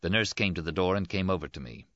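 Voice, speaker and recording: Deep male audiobook narrator, measured and plain. Dry, lo-fi recording. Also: lively intonation, fairly bright tone, dry recording. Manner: plain, measured first-person reading.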